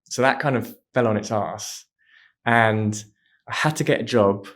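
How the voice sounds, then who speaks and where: A man, a podcast guest telling stories in a casual, animated way. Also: fairly low pitch, unhurried. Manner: animated, acts out voices in anecdotes. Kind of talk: casual storytelling chat.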